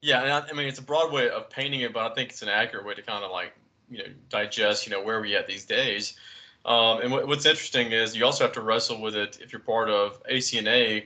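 A man's voice: lowish voice, pushed and bright. A man in a casual discussion, speaking conversationally and quoting texts aloud.

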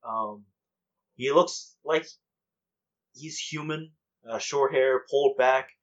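A man running a tabletop role-playing game, narrating scenes in a measured, halting way with plenty of ums. His voice sits mid-range. The sound is dull and lo-fi. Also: mid-range voice. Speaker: game master.

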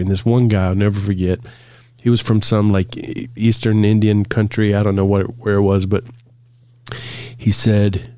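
A man's voice: sits low, fairly quick, no room sound. A man, a couples therapist, talking casually on a podcast and telling stories with frequent laughs. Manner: relaxed storytelling, laughs often.

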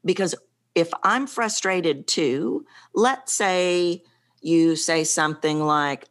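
A woman's voice: lowish voice, slow, fairly bright tone. A woman speaking as a vocal coach in an interview, talking animatedly and acting out the voices in her examples. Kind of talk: conversational interview.

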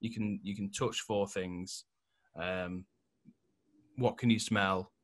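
A bright, laughing, swearing man. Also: sits low, steady tone, slow, no room sound. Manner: laughs a lot, swears freely, rambling. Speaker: podcast host. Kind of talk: casual chat.

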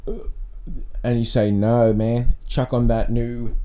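A man hosting a solo comedy podcast, rambling and self-mocking in a deadpan way. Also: medium pitch, a little slow. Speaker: podcast host. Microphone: podcast mic.

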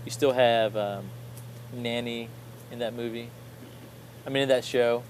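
A man's voice: medium pitch, fairly even intonation, measured pace, crowd noise, low-quality recording. A man in his thirties, co-hosting a casual chat, rambling and correcting himself as he goes. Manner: rambling, self-correcting, upbeat.

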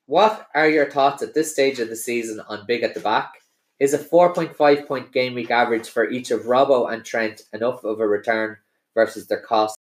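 A man hosting a casual football podcast, steering the talk and reading out listener questions. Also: medium pitch. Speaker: podcast host. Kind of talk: casual sports podcast chat. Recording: roomy echo.

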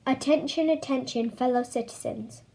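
A woman's voice: high voice, moderate pace, vocal fry, darkish tone, rough recording. A woman voicing a stern, well-spoken male radio announcer in a story reading. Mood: solemn. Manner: formal, strict.

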